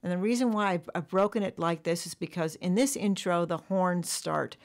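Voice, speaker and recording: Low gravelly woman explaining a drum chart. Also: normal speed. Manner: explanatory, counts bars aloud along with the music. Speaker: drum teacher. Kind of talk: software tutorial walkthrough.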